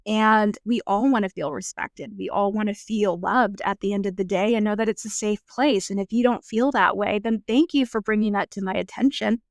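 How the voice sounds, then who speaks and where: A woman's voice: medium pitch, normal speed, gravelly, few pauses, no echo, clean studio sound. A woman nurse practitioner and mother of a young child explaining her views in a thoughtful, supportive way during a casual podcast conversation.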